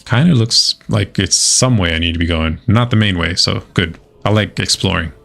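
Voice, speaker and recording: Low gravelly man rambling over gameplay. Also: a bit bright. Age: middle-aged. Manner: rambling storyteller, swears freely, halting restarts. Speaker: gaming streamer. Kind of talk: casual livestream chat over gameplay.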